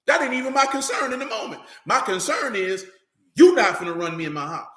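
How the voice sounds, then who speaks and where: A man preaching an animated sermon in loose, street-style talk, often asking "you know what I'm talking about". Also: high voice, brisk, reverberant.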